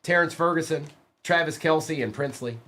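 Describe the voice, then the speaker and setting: A man hosts a live-stream card break, rattling off player names quickly and teasing viewers between bursts of excitement. His voice sits a little high.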